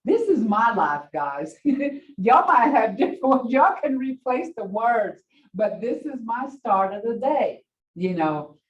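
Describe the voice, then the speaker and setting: A woman's voice: a little high, big pitch swings, slow. An older woman teaching a language class, telling chatty stories and acting out the bossy commands she gives at home. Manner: chatty storytelling, laughs often, acts out bossy commands. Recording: distant, echoey, dull classroom audio.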